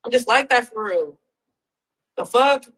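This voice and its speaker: A young woman rants into her phone on a livestream, defiant and swearing freely. Her voice sits high and sounds bright and forceful. She keeps circling back to the same blunt phrases. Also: expressive, measured pace, slightly rough, rough recording. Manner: defiant, profane, repeats "straight up". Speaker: reality TV personality on a livestream. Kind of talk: ranting livestream.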